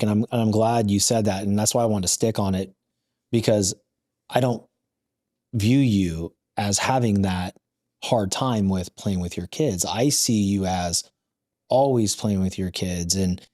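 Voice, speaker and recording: Man, podcast host, reflective, halting speech, mellow tone. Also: on the low side, no echo, studio quality. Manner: reflective, halting, restarts often. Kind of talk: conversational podcast interview.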